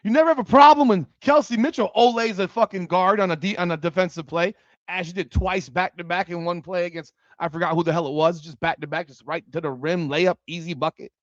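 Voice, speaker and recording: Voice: medium pitch, a little fast, no echo, lo-fi sound. A sports commentary host ranting on a livestream, profane and heated.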